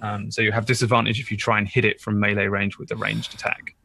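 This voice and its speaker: A man running a tabletop game as dungeon master, narrating in a relaxed, hesitant way with many fillers. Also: lowish voice, fast, vocal fry.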